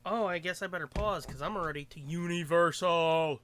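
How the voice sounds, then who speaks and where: Young male co-host, high and bright voice, animated and profane, casual movie commentary. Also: brisk. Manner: excitable, swearing, bursts into silly exaggerated voices. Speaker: podcast co-host.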